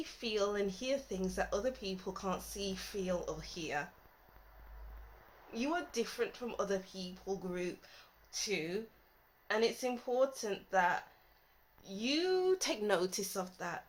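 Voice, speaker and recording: A woman doing a casual tarot reading monologue, playful and giggly, with soft, reflective stretches. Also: medium pitch, rough recording. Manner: playful and giggly, breaks into song and laughter; soft, intuitive, reflective delivery. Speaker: tarot reader.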